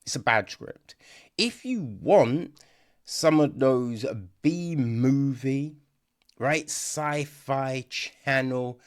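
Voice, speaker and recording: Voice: mid-range voice, drawn-out words. A podcast host giving a casual, sarcastic film review, often asking "right?" and restarting sentences. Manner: sarcastic, mocks dialogue in exaggerated voices.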